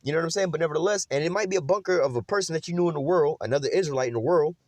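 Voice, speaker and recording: Racing along in a voice that sits on the high side, this man teaches scripture informally, mocking and preachy, with plenty of street slang and swearing. He keeps tossing in "man" and "you know what I'm saying," and there's no room sound.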